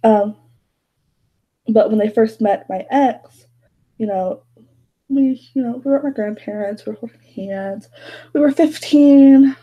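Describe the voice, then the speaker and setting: A woman's voice: medium pitch, a little slow, long pauses, dull audio. A young woman chatting casually while doing her makeup at home, rambling with lots of fillers. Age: young adult. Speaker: beauty vlogger. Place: bedroom at home.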